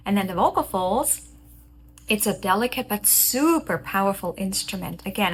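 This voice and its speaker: A woman vocal coach giving a calm, clear explanation of how the voice works, talking to camera. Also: mid-range voice, a little hiss or hum. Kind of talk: educational talk to camera.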